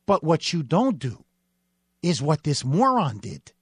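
High-voiced, indignant talk radio man. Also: wildly swooping pitch, measured pace, husky, no room sound. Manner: emphatic and indignant, ranting. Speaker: radio talk show host.

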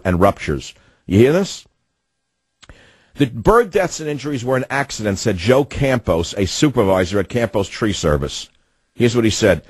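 Husky-voiced ranting radio host, a man. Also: mid-range voice, dry recording. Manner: indignant, ranting commentary; sardonic asides. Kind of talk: talk radio monologue.

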